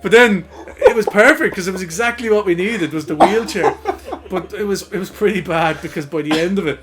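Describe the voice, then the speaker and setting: A man co-hosting a podcast, telling a story in a casual, laughing, animated way. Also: high-pitched, fairly quick, over loud music. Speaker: podcast co-host.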